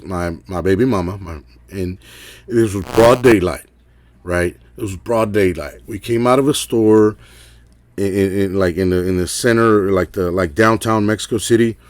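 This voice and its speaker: Rambling middle-aged man, low voice. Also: dry recording. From Texas. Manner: rambling, filler-heavy, keeps asking "right?". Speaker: caller sharing an encounter. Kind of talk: casual storytelling.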